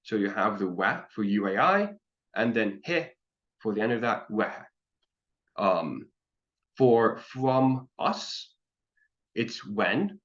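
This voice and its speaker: A man's voice: lowish voice, lively intonation, slow pace, fairly bright tone. A man teaching an online language class, explaining patiently step by step with frequent ums. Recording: dull lo-fi call audio.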